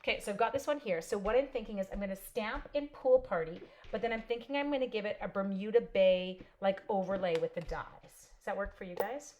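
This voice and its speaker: A woman's voice: medium pitch, fairly quick, darkish tone, slight background noise. A woman in her forties, chatty and bubbly, telling stories and laughing as she demonstrates a papercraft project. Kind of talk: casual live crafting demo.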